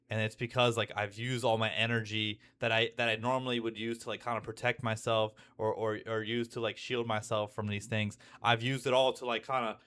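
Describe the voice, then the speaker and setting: A man's voice: mid-range voice, a bit bright. A young man in a candid, rambling monologue about his own feelings, full of restarts and fillers. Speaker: vlogger.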